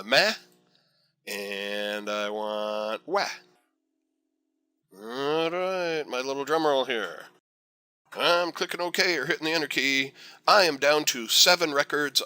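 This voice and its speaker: A man teaching a software tutorial over a screen recording, chatty and encouraging with folksy asides. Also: mid-range voice. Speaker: software instructor.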